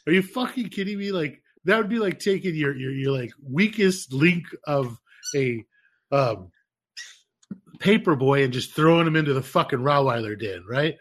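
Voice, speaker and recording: Husky man telling rowdy stories. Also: mid-range voice, moderate pace. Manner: profane, animated storytelling. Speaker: podcast co-host. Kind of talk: casual chat.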